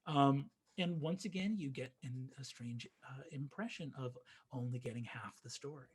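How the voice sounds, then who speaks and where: A man narrating as game master, animated with many fillers. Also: medium pitch, normal speed, slightly rough.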